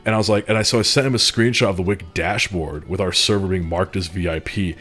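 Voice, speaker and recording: A man's voice: low voice, fast, a bit bright. A man streaming live and chatting casually with viewers, telling a rambling, profane story with mocking laughs. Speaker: streamer moderating a Discord community. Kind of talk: casual livestream chat.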